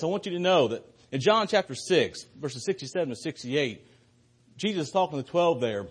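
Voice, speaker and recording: A man's voice: on the high side, lively intonation, a little fast, husky. A man preaching a sermon to a church congregation as a visiting speaker, earnest and building to fervent emphasis.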